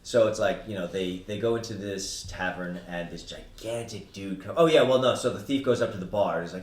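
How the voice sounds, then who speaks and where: A man's voice: on the low side, brisk, hardly any pauses. A man telling funny stories in casual chat with friends, laughing often. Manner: animated storyteller, laughing. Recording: echoey room.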